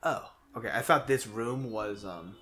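A man's voice: lowish voice, a little slow, background noise. A man hosting a video game playthrough, talking casually, with frustrated outbursts, swearing and mumbled asides. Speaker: let's play host. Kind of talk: casual gameplay chat.

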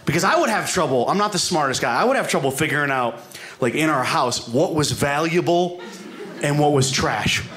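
On a club stage, a man rambles through a self-deprecating stand-up set, tossing asides to the live audience. His voice is a little high and a bit bright, animated and brisk. The live club recording picks up room noise.

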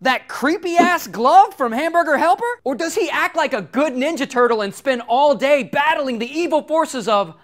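A man's voice: very high-pitched, animated, moderate pace, few pauses, fairly bright tone. Sarcastic, crude-joking male host. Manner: sarcastic, crude, punchline-driven. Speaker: comedy video host. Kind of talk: sarcastic commentary on viral videos.

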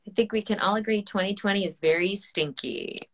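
A woman's voice: mid-range voice, a little fast. A woman hosting a casual interview and reading out viewer questions, friendly and hesitant, with many fillers. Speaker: podcast host.

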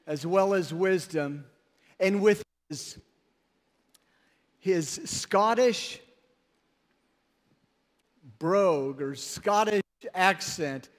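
A pastor giving an emphatic, storytelling sermon in a church sanctuary. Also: male voice, sits high, very slow, pauses often. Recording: long reverb in a large hall.

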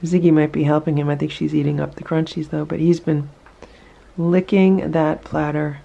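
A woman filming a casual vlog about her cats, chatting about their routines and coaxing them with a high voice. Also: level tone, normal speed, vocal fry, highs cut off. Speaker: cat vlogger. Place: indoor room with cats.

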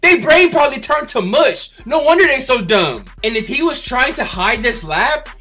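A man doing loud, profane, mocking comedy commentary over a cartoon, with light music behind him. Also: very high-pitched, big pitch swings, normal speed.

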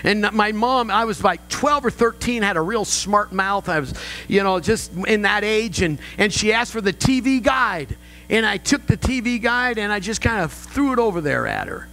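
A man's voice: high-pitched, animated, moderate pace, bright, forceful tone, soft background music, low-quality recording. An older male pastor preaching a sermon, telling family stories with humor and rising emphasis. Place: church sanctuary.

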